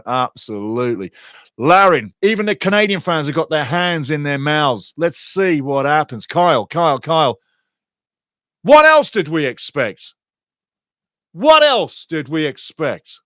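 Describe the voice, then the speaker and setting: A man hosting a soccer show, giving blunt, excitable live commentary on a penalty shootout. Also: a little high, no room sound, clean studio sound. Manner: excitable, blunt, swings from laughing to outraged shouting. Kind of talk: live watch-along commentary.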